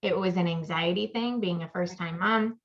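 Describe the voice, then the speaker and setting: A woman's voice: on the low side, normal speed. A woman co-hosting a casual chat podcast, rambling through stories and acting out her own inner voice. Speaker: podcast co-host. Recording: muffled lo-fi audio.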